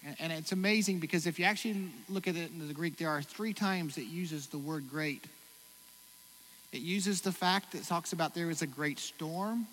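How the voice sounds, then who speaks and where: Man preaching, pastor, high bright voice, long hall reverb, faint background noise. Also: moderate pace. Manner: preaching with strong swings between loud exclamations and hushed reflection. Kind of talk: sermon.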